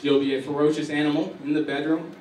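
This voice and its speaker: A man's voice: on the high side, steady tone, fast, a little mellow, a little hiss or hum, natural voice. A man playing a pompous male mad scientist who speaks in a grand, declaiming way, recorded in a roomy hall from a distance. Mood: grandiose. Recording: roomy hall, mic heard from afar.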